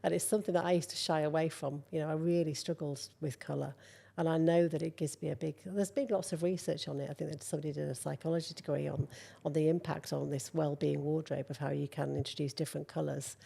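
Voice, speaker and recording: Candid, animated woman, middle-aged, with a low, gravelly voice. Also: fast. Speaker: guest, model. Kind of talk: conversational interview.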